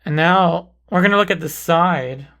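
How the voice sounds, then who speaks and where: A man calmly talking through a portrait painting tutorial, thinking aloud as he paints. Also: a little high. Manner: calm, unhurried, thinking aloud while painting. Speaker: painting instructor. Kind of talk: relaxed painting tutorial narration.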